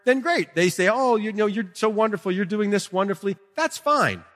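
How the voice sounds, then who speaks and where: Man, pastor, sermon, slightly high voice, conversational with emphatic peaks, reverberant sanctuary. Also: animated, a little fast. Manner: conversational, swings from quiet asides to emphatic peaks. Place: church sanctuary. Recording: long reverb of a hall.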